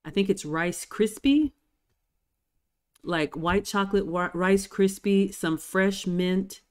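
A woman, chatting excitedly as she narrates dining footage and reads viewer comments. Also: mid-range voice, slow. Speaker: vlogger. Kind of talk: live-stream commentary over cruise dining footage.

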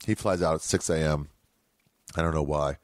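A man's voice: extremely low pitch, steady tone, normal speed, no room sound. A man hosting a podcast, telling a long rambling story in casual, profane talk, often correcting himself mid-sentence. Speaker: podcast host.

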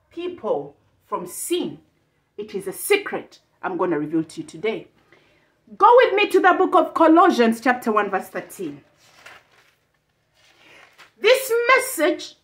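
A woman preacher delivering an impassioned sermon. She repeats rhetorical lines and breaks into bursts of shouting. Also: high-pitched.

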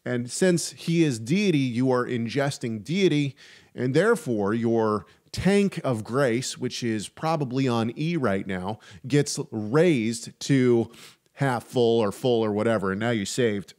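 A male podcast co-host talks theology in a loose, conversational way. His voice sits at an ordinary mid pitch, and he often restarts his sentences and slips in wry asides. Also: lively intonation, slow pace, darkish tone. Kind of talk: casual chat about theology.

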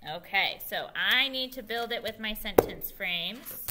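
A woman teacher giving an early reading lesson to young children, spelling words out slowly and praising them. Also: mid-range voice, very noisy. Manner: slow, clear spelling aloud and encouraging praise. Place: school.

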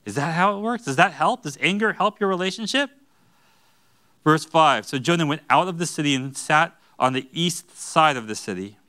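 A man preaching a sermon in a church sanctuary, his pitch leaping up and down as he jokes and acts out quotes. His voice is bright and forward. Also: moderate pace. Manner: animated, joking asides and acted-out quotes. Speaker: pastor.

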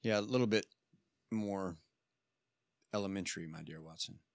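Low-voiced man musing casually. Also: normal speed, creaky, dry recording, clean studio sound. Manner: musing, easygoing, jokey. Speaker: podcast co-host. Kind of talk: casual chat.

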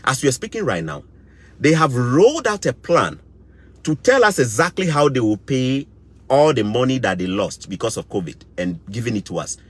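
A husky-voiced middle-aged man with a Ghanaian English accent delivers fired-up commentary. His pitch swings widely as he hammers his points home, repeating phrases and sounding indignant. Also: big pitch swings, moderate pace. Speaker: vlogger. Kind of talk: impassioned commentary.

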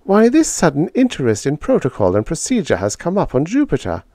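A man's voice: fairly high pitch, huge pitch swings, brisk, warm tone, dry recording, studio quality, voice pushed up. A man voicing an anxious older woman scientist who speaks breathlessly, in a storybook reading. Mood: inquiring.

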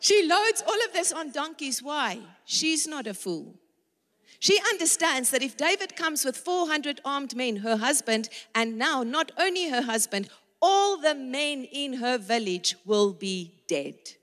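In a large hall, a woman preacher delivers a dramatic sermon, acting out the lines of the story's characters and addressing the women in the audience directly. Her high voice is expressive and a bit bright, at a measured pace.

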